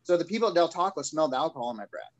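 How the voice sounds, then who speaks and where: A man tells his story to an interviewer, speaking candidly and slipping into his own past remarks as he recalls them. His voice sits a little high for a man. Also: lively intonation, racing, muffled recording. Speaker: guest.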